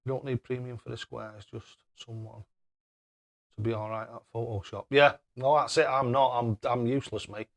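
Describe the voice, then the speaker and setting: A man's voice: mid-range voice, moderate pace, gravelly. A young man hosting a live stream, chatting casually and thanking viewers by name. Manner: cheery, excitable.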